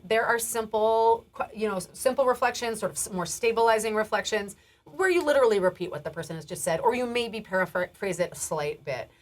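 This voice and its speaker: Chatty woman teaching with rising lilt. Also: mid-range voice. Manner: casual, warm, laughs often, many restarts and fillers; rising lilt at phrase ends. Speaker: health educator. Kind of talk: recorded training lecture.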